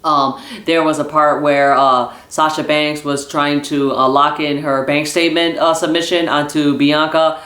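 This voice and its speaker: A man talks through a wrestling event in a casual, rambling vlog, full of fillers and restarts. His voice sits a little high for a man, and the room around him is echoey. He sounds like an excited fan. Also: unhurried, hardly any pauses. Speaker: wrestling vlogger.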